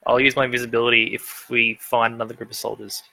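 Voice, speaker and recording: A man's voice: medium pitch, little pitch movement, fast talker, creaky, bright, forceful tone. A man narrating as game master of a tabletop role-playing game, hesitant and full of fillers and restarts.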